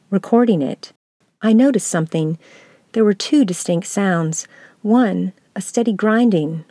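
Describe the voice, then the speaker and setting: A woman from the United States, a lecturer, reading a reflective essay aloud in a slow, measured, contemplative way. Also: on the low side, dark tone, no room sound.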